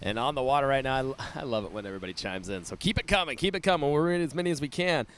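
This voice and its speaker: A man's voice: medium pitch, animated, rapid-fire, fairly bright tone. A man calling a live surf contest play-by-play, enthusiastic and often laughing. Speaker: surf commentator. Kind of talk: live sports commentary.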